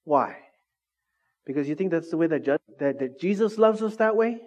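A man's voice: a little high, expressive, normal speed, darkish tone. A middle-aged man preaching a casual sermon as lead pastor of a small church, conversational and self-deprecating, often checking in with the congregation.

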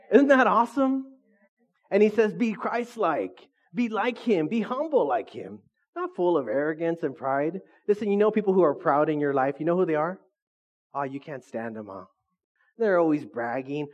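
A man's voice: high-pitched, big pitch swings, a little slow, long pauses. A middle-aged man preaching a sermon as pastor, joking and calling for answers from the congregation. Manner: joking, call-and-response with the congregation. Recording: dull lo-fi recording.

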